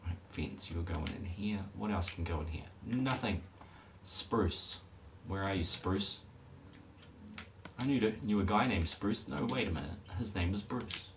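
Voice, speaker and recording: A man with a very deep voice streams a game, rambling and tossing jokey asides to his chat. The recording carries a steady noisy hiss with keyboard typing behind. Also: a little slow. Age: adult parent. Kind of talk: casual live-stream commentary.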